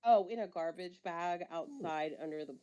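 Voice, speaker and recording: A woman with a lowish voice, an adult with a son, tells a long rambling story at normal speed on a live talk stream, swearing and laughing in casual chat. A crowd can be heard behind her, and the audio is dull and lo-fi.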